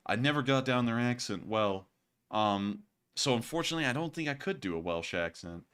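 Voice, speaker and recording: A man's voice: mid-range voice, expressive, fairly quick, fairly bright tone, clean tone. A man hosting a live stream, chatting casually in a rambling, wry way with lots of fillers. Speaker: host of a war news live stream.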